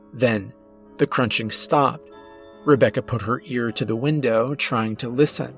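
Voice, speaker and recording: A man narrating a horror story in a deliberate, suspenseful way. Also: mid-range voice, creaky. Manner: slow, deliberate, suspenseful delivery.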